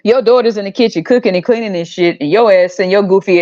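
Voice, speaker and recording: Woman, podcast host, blunt profane rant, exasperated high outbursts, mid pitch, slightly muffled audio. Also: fast talker, a little mellow. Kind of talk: opinionated rant.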